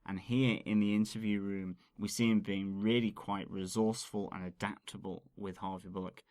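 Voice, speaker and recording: A man with a slightly low voice talks enthusiastically as a podcast co-host. He explains scenes and slang at an easy pace, with the odd "um" along the way. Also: level tone, moderate pace, darkish tone, dry recording. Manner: enthusiastic and explanatory, describing scenes with some fillers. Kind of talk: casual podcast chat.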